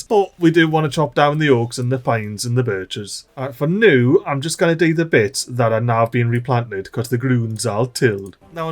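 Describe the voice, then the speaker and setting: Chatty man narrating gameplay. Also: fairly high pitch. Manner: chatty and excitable, talks to his game characters. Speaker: video game let's-play host. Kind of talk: casual gameplay commentary.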